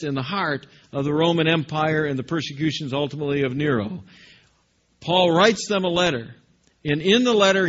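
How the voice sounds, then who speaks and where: Male pastor, sermon, bright ringing voice, slightly high, emphatic, muffled lo-fi sound. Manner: emphatic preaching, questions to the congregation.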